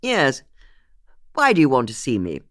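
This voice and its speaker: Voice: mid-range voice, wildly swooping pitch, a little slow, a bit bright. A narrator voicing a man in his late fifties with an easy, amused, superior manner. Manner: nonchalant, teasing.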